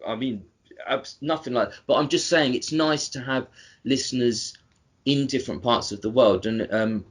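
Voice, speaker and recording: British male podcast co-host, husky and loose, rambling casual chat that circles back on itself. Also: medium pitch, moderate pace. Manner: rambling, self-correcting, teasing.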